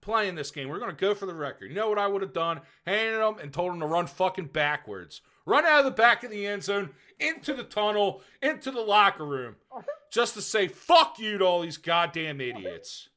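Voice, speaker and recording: A man co-hosting a sports podcast, ranting loudly in casual profane chat. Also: sits high, big pitch swings, moderate pace. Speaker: podcast co-host.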